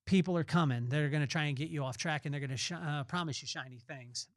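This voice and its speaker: A man's voice: a little high, fast talker, few pauses, no room sound. A man hosting a podcast, giving a faith-based motivational talk in a conversational way and repeating phrases for emphasis. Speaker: podcast host.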